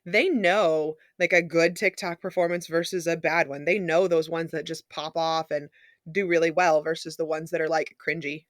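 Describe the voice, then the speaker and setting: A woman's voice: sits low, steady tone, moderate pace, dry recording, clean studio sound. A woman co-hosting a casual podcast, a marching arts instructor who chats and says "like" often. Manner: chatty, says 'like' often.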